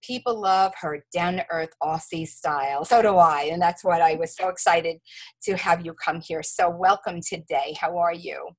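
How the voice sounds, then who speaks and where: A woman's voice: lowish voice, normal speed, low-quality recording. Enthusiastic woman hosting an interview. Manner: enthusiastic, effusive. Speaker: interview host. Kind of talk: interview conversation.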